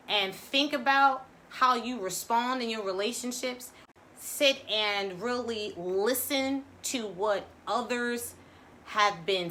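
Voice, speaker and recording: A woman's voice: fairly high pitch, pushed and bright, a little hiss or hum. A woman hosting a live-streamed spiritual talk as a coach. She speaks to her viewers directly and stresses her points by repeating them. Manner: emphatic and repetitive, addressing viewers directly.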